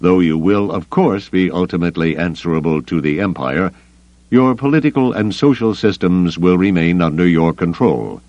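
A man voicing a cold, calculating grand admiral who speaks in a measured, controlled way. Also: sits low, a little mellow, no room sound, highs cut off. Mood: coolly commanding.

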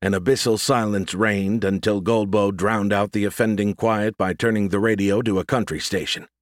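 A man narrates an audiobook in a steady, measured voice on the low side. The recording is close and dry, with no room sound. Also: dry recording.

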